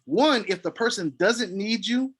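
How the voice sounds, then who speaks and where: A man with a high voice coaches someone through sales calls in a relaxed, chatty way. He slips into acted-out sample pitches and fills gaps with nonsense syllables. The tone stays casual and explanatory. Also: measured pace, slightly rough. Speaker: sales consultant. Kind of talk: casual consulting call.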